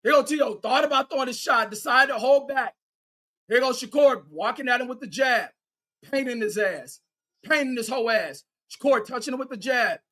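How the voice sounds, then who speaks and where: High-voiced man calling a fight excitedly. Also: moderate pace. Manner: excitable, profane, cheering on one fighter; reads viewer chat aloud. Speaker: livestream boxing commentator. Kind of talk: fan play-by-play commentary.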